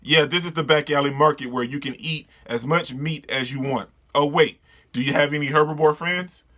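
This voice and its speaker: A man's voice: fairly high pitch, moderate pace, pushed and bright. A man reading the lines of a brash, pushy male lion gang member from a manga in a plain read-aloud voice.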